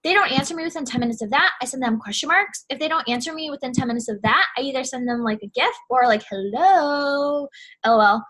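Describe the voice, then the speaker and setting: A woman's voice: sits high, fast talker, few pauses, pushed and bright. A young woman casually giving sales advice in a chatty vlog, full of "like" and "you know what I'm saying". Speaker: network marketing seller.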